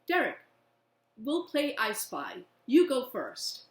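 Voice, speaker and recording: A woman voicing a caring aunt who soothes frightened boys, in a bright, coaxing, kindly way. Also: on the high side, big pitch swings, takes it slowly, voice pushed up. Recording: echoey room.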